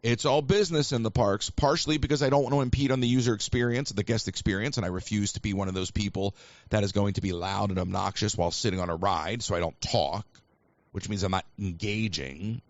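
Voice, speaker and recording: A man's voice: fairly low pitch, fast talker, no room sound, muffled recording. A man hosting a live call-in show, talking in a rambling, chatty and self-mocking way. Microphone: livestream mic.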